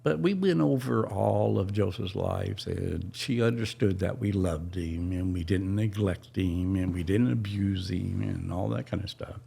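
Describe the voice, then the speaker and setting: A middle-aged man tells a personal story on a podcast in a halting, emotional way, often restarting his sentences. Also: deep voice, creaky, mellow, husky.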